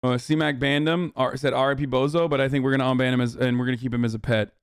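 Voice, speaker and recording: A man's voice: mid-range voice, fairly even intonation, fast talker, smooth, dry recording, studio quality. A male streamer giving casual, profane, rambling commentary on clips and talking to his chat.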